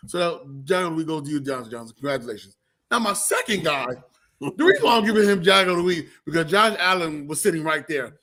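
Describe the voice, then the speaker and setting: A man hosting a casual sports talk show, animated and exasperated, laughing often. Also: fairly high pitch, a little fast. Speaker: podcast host.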